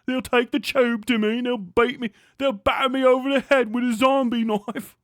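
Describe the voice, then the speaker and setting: A man's voice: fairly even intonation, moderate pace, a bit bright, no echo, studio quality. A man putting on a whiny panicky British guy. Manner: high whining mock British caricature.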